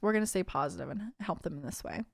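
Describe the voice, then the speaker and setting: A woman giving casual, excitable gameplay commentary, chatting to viewers and reading game text aloud. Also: on the low side, fast, vocal fry, breathy edge, no room sound, studio quality. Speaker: gaming video creator.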